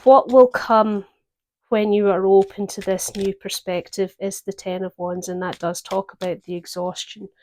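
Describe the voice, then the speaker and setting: A woman giving a gentle, reflective tarot reading, pausing often to think. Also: mid-range voice, flat delivery. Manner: gentle, reflective, with pauses and fillers. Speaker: tarot reader.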